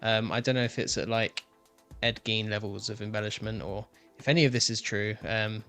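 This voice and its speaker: A man's voice: fairly low pitch, fairly even intonation, brisk, fairly bright tone. Male panelist, mid voice, hedging, full of ums, faint music behind. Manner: hesitant, lots of ums, weighing his words. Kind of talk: casual panel chat.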